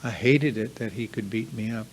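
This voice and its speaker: A man's voice: lowish voice, normal speed, slight background noise. A man giving a confessional recovery workshop talk to a live group, earnest and emphatic, piling up repeated lists. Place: meeting room with a live audience.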